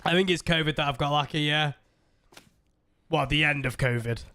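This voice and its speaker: Male game streamer: high, bright voice, chatty and rambling with viewers. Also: normal speed. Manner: rambling, laughing storyteller talking to chat. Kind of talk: casual live-stream chat.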